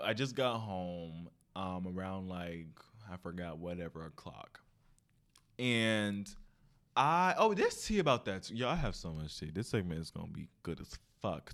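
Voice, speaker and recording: A young man hosting a solo podcast, telling stories in a casual, profane, animated way, full of slang. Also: on the low side. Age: young adult. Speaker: podcast host.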